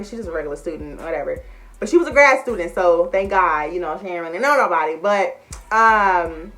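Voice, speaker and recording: Young woman vlogger, chatty and open about feelings, mid pitch, faint music under her. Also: a bit bright. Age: young adult. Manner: chatty, emotional, addresses viewers as y'all. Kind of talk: casual chat to camera.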